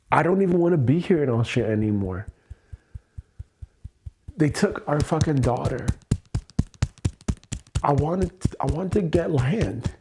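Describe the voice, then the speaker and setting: A man's voice: fairly high pitch, background noise. A man hosting an EFT tapping session, venting with angry, profane, repetitive words and weary sighs.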